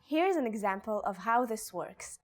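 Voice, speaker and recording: A woman reading a scripted language lesson, pronouncing example words slowly and carefully. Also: on the high side, expressive. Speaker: Hebrew teacher.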